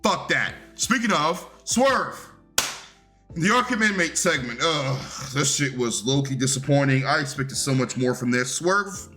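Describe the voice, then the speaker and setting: A man's voice: mid-range voice, lively intonation, a little slow, bright, forceful tone, faint music behind. A man reviewing a wrestling show in a casual recap rant, blunt, profane and dismissive.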